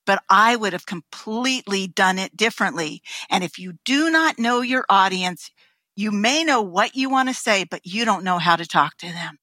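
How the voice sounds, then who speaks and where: A woman guest on a podcast telling an anecdote in an animated way, laughing often and acting out voices. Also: mid-range voice, normal speed, no echo. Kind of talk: anecdotal storytelling.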